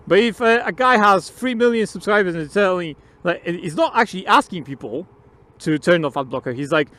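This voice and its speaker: A man's voice: high-pitched, animated, moderate pace, a bit bright. A man riding outdoors on a motorbike, giving his opinions in a rambling, casual way, swearing freely and laughing often. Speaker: motovlogger.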